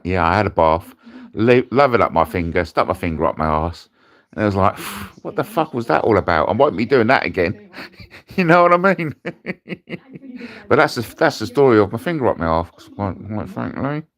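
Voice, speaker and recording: British guy ranting crude jokes on a livestream, lowish voice that jumps all over. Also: big pitch swings, moderate pace. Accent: British English. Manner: crude, jokey, swears freely, wild pitch swings. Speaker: host. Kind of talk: rambling livestream chat. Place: in bed at home.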